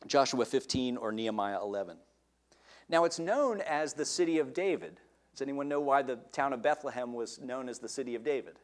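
A man's voice: medium pitch, animated, brisk. A man preaching a sermon, asking his listeners questions and stressing key words.

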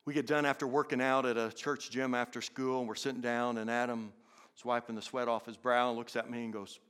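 Guy in his 50s telling a teacher story, lively and animated, average pitch, big swings loud to soft. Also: a little fast, clean tone. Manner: animated, jumps into high excited voices for characters, then drops soft and hushed. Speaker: teacher and inspirational speaker. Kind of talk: storytelling testimony.

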